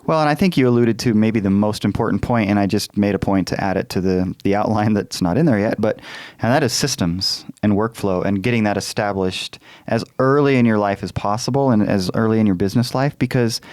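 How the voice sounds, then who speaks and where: A man's voice: lowish voice, darkish tone, no room sound. Dry-sounding man co-hosting a podcast. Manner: joking, measured, questioning. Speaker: podcast co-host. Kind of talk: casual podcast chat.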